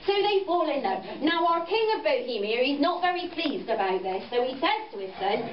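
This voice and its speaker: A high-voiced woman tells a story to a group of children, her pitch swooping with playful, coaxing questions. She is recorded from a distance in an echoey room with steady background noise, and the sound is dull and muffled. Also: brisk, hardly any pauses. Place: farm venue, roomy space.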